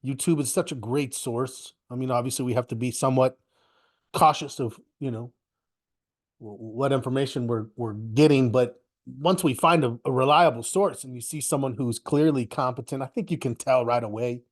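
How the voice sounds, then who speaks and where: A middle-aged man with a cold sounds stuffy and coughs now and then while hosting a live market webinar. His medium-pitched voice moves at normal speed, and his casual talk is rambling and chatty, often self-correcting by restarting sentences.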